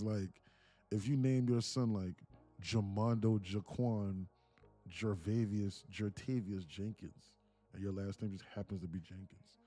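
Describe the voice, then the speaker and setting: A man hosts a day trading livestream, rambling and joking casually in a loose rant and laughing often. His voice is lowish and warm.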